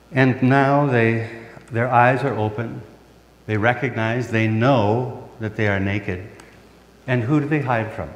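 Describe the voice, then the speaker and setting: A middle-aged man preaching a sermon as pastor, putting questions to the congregation and answering them himself. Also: mid-range voice. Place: church sanctuary. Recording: reverberant church hall.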